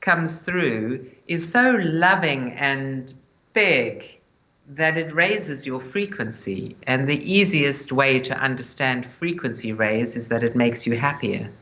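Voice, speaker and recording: A woman with a light English-speaking South African accent, speaking in a measured, earnest way as a spiritual teacher being interviewed. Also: very deep voice, animated, pushed and bright, rough recording. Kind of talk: interview guest, spiritual talk.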